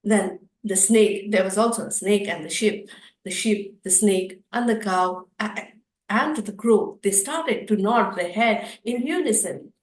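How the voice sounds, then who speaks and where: A woman storyteller telling a children's story at a festival session, expressive and repetitive, with some fillers. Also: mid-range voice, unhurried, roomy sound, low-quality recording.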